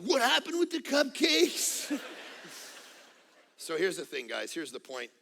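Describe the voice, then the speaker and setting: A middle-aged man preaching a sermon as pastor, telling jokey family stories and swinging from quiet asides to near-shouting. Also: a little high, creaky. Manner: casual, joking storyteller. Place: church auditorium.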